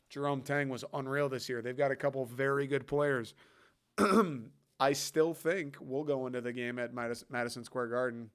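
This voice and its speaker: A man's voice: medium pitch, clear, resonant tone. A man hosting a sports show, ranting bluntly and with plenty of swearing, mocking critics with quoted voices. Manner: blunt, profane, mocks critics in put-on voices. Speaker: sports podcast host. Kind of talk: opinionated sports rant.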